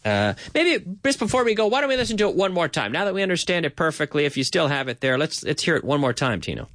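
Lively radio host explaining phrases. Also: male voice, on the high side, fast talker, dry recording, clean studio sound.

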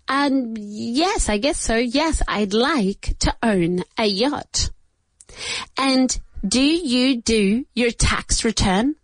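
Slow, patient female English teacher. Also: fairly high pitch. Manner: patient, repeats each word for students to echo; switches briefly into Spanish to explain. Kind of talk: slow, drilled beginner English lesson.

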